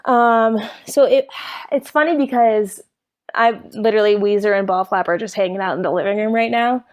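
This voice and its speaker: A young woman, a podcast guest, telling a story in an animated, laughing way. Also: mid-range voice, normal speed. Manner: animated, laughing, quotes others. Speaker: guest, thru-hiker. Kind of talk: casual storytelling.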